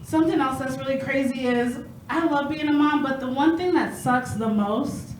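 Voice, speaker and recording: A woman in her thirties with a high voice performs a stand-up set, chatty and self-mocking, and she laughs at her own punchlines. The room sounds echoey, with a faint hiss underneath. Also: moderate pace. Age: 30s. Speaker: stand-up comedian.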